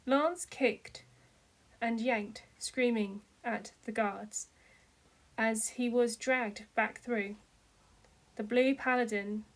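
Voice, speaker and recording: Slow and fairly even, her voice on the high side, a woman gives an amateur read-aloud of fan fiction. She narrates steadily and lets her voice climb into cries for the characters' lines.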